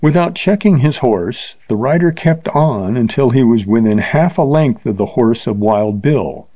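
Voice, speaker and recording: A man reads an old Western adventure aloud at a steady, measured pace. His tone is mellow and warm, the recording is dry with no room echo, and the sound is a little dull. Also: medium pitch. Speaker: narrator. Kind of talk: audiobook narration.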